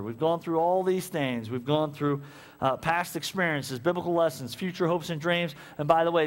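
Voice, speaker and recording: Preaching in a church sanctuary where his voice leaves a long reverb tail, a pastor with a fairly high-pitched voice tells animated stories. He plays both parties in the conversations he describes.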